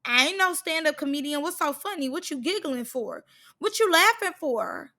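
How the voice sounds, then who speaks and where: A woman's voice: high-pitched, very animated, normal speed, sharp tone, exaggerated voice. A woman voicing an irritated young woman who keeps repeating confrontational questions at someone laughing. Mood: indignant.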